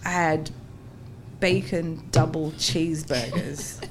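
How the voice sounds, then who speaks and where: A woman from England with a South London accent, a podcast guest telling animated stories in casual chat, often laughing. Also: sits low, slow, a little hiss or hum. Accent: South London English. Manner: animated storytelling with frequent laughter.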